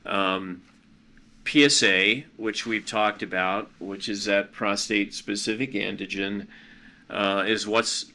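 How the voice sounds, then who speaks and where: Middle-aged male podcast host, casual and hesitant; lowish, bright tone. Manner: rambling, hesitant, frequent ums.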